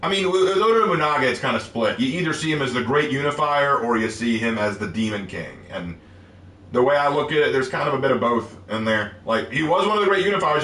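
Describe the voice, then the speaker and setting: A man co-hosting a casual livestream Q&A, explaining history at a relaxed pace with fillers. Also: medium pitch, reverberant, distant mic. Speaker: co-host.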